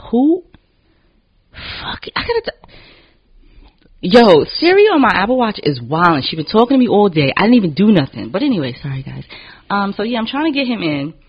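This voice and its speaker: Husky woman telling lively stories. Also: medium pitch, brisk, long pauses, lo-fi sound. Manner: animated storytelling, acts out quotes, laughs often. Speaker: podcast host. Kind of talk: casual chat.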